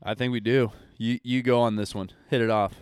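A man co-hosting a casual podcast, excitable and chatty, often saying dude and jumping up in pitch when worked up. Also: brisk, clear, resonant tone, no room sound, clean studio sound. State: hiccuping. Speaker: podcast co-host. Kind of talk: casual chat.

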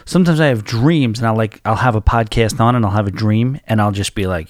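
A man's voice: fairly low pitch, brisk, no room sound, clean studio sound. Rambling New York man telling stories. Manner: rambling, many restarts and fillers. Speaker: podcast host. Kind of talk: casual storytelling rant.

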